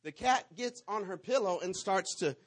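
A man, preaching to his congregation and telling a lively personal story, swinging between loud bursts and hushed asides. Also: sits high, normal speed. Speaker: pastor.

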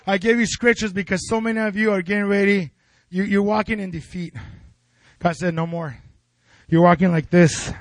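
A man's voice: high voice, steady tone, normal speed, dry recording. A man preaching a fervent sermon in a church, calling out to the congregation. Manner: fervent, call-and-response with congregation.

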